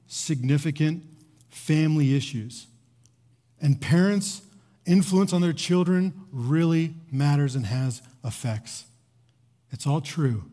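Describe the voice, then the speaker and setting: A man's voice: medium pitch, dark tone, slightly rough. Man preaching in a reverberant hall. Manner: storytelling with acted quotes, rising to emphatic repetition. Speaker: pastor. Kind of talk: sermon.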